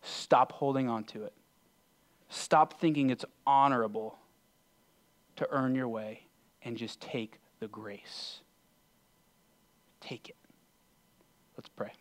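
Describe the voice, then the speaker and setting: A man's voice: medium pitch, fairly even intonation, slow, long pauses. A man, a pastor, closing his sermon and leading an earnest prayer.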